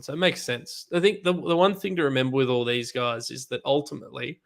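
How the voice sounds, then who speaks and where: A man with a mid-pitched voice co-hosts a casual football talk show. He explains points at an easy pace with a laid-back manner. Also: fairly bright tone. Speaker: co-host. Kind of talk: casual footy chat.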